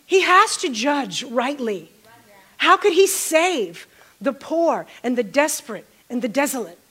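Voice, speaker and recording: A woman's voice: high-pitched, very animated, unhurried, fairly bright tone. A middle-aged woman preaching a sermon, calling out to the congregation and repeating phrases for emphasis.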